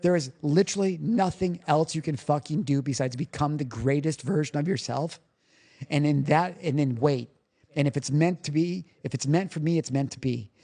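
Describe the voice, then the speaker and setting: A man's voice: a little high, normal speed, mellow. Candid, emotional man telling a story. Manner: candid, emotional, casually profane. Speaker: recovery coach guest. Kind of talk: podcast interview, personal storytelling.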